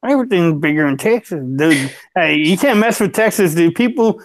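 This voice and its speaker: Man, New Orleans accent, high voice, laid-back joker on a tech panel. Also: expressive, moderate pace. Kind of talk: casual tech chat.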